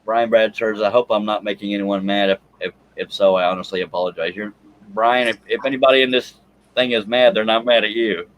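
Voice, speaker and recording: A man's voice: on the low side, steady tone, brisk, lo-fi sound. A man hosting a casual livestream chat, joking and rambling. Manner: joking, rambling, reads chat comments aloud. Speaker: show host.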